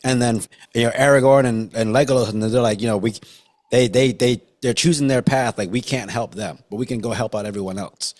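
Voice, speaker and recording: A man co-hosting a casual movie podcast, talking in an animated way and steering the discussion. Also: medium pitch, a little fast. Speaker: podcast co-host.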